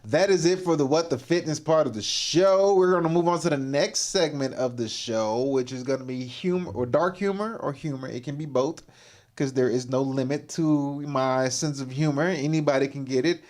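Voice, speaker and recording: A man's voice: a little high, moderate pace, a little mellow. A man hosting a livestream, giving casual, exclamatory reaction commentary and laughing often. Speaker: livestream host.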